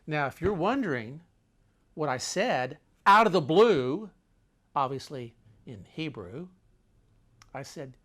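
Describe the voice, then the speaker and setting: Animated older man telling a story. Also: a little high, takes it slowly, long pauses. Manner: animated, dramatic storytelling with sudden loud and hushed turns. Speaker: travel storyteller. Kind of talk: spoken travel story.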